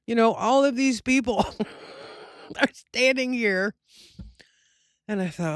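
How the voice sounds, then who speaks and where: A woman's voice: on the high side, slow, pauses often, no echo, studio quality. A middle-aged woman, a medium, telling a personal story casually, acting out the people she quotes and using many fillers.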